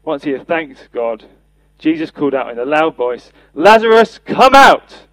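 A man's voice: medium pitch, normal speed, no room sound, low-quality recording. A man preaching a sermon, earnest, reading and acting out scripture quotes for a podcast. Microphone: podcast mic.

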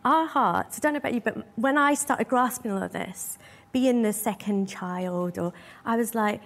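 A woman's voice: medium pitch, normal speed, vocal fry. A woman preaching a sermon in a church hall, earnest and emotional, asking her listeners many rhetorical questions.

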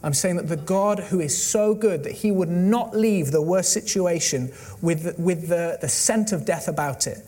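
A man preaching, his voice sitting a little higher than most men's. He tells a story with animated delivery and voices the quoted lines in his own plain voice. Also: normal speed, hardly any pauses. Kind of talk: sermon.

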